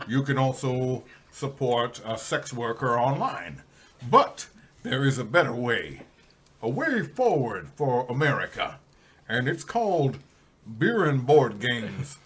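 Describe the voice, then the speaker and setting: A man doing an impression of a famous older narrator, pitching a patron drive in slow, grave, low tones. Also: fairly bright tone, full character voice. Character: impression of a famous deep-voiced male narrator, older, grandiose.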